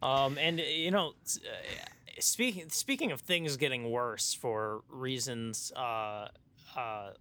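A man co-hosting a comedy podcast, talking in a halting way with lots of fillers. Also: medium pitch, pushed and bright. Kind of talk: casual comedy chat.

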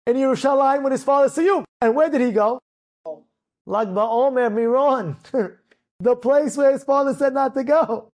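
A man who is a rabbi telling an inspirational story in a sermon, animated and dramatic, acting out the characters and rising to shouts at the peaks. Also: extremely high pitch, normal speed.

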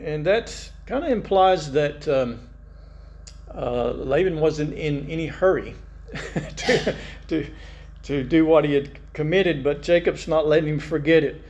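A man's voice: fairly high pitch, unhurried, darkish tone. A male pastor preaching a conversational sermon, reading scripture aloud and musing over it.

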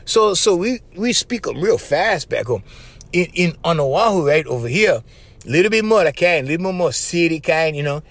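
A man with a Hawaiian Pidgin English accent, hosting a podcast and telling stories in a loose, animated way that is full of laughs. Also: on the high side, normal speed. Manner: animated, laughing often, acts out voices, says "right?" after phrases. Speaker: podcast host. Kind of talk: casual storytelling monologue.

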